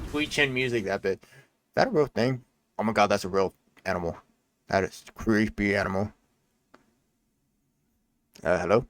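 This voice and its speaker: A man's voice: on the low side, normal speed, pauses often. A man playing a video game, reacting in a casual, profane and joking way. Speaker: let's play gamer. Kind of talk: casual game commentary and reading dialogue aloud. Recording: voice over loud game music.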